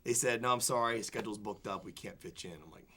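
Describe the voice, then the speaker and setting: A young man, a film critic, telling an animated story in a studio interview, full of fillers and restarts. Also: lowish voice, fast talker. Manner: excited, rambling anecdotes full of fillers and restarts. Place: television studio before a student audience.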